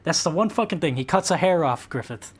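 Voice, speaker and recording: Male, young adult, game streamer, profane rambling, slightly high pitch. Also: expressive, brisk, slightly rough. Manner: rambling, profane, emotional venting. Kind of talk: live stream chat.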